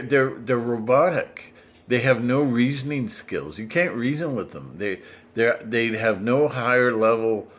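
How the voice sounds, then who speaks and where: A man rambling in a monologue, halting and repeating himself with many restarts. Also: on the low side. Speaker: vlogger.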